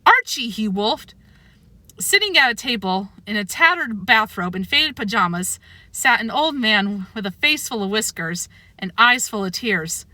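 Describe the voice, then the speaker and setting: A woman reading a children's book aloud with expressive, animated storytelling, close to the mic. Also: medium pitch, normal speed, no room sound. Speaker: narrator.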